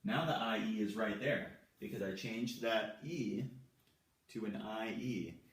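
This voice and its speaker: A male Spanish teacher walking through verb forms at a whiteboard, slowly and patiently repeating each one. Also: on the low side. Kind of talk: whiteboard grammar lesson. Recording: echoey room, mic far off.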